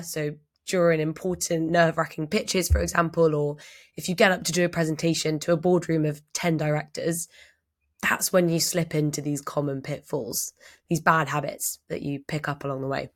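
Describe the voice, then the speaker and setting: A woman speaking as a voice and presentation coach, calm and measured as she explains. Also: low-pitched. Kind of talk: instructional explainer.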